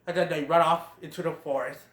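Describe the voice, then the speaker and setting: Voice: medium pitch, fairly even intonation, fast, a bit bright, echoey room. A film reviewer retelling a plot in a casual, chatty way, laughing along. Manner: chatty, laughs at own jokes.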